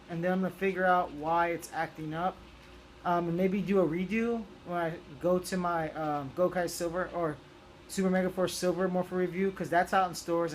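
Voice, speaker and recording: A man's voice: high-pitched, slight background noise. A young man chatting casually through a toy review, rambling with lots of ums and restarts.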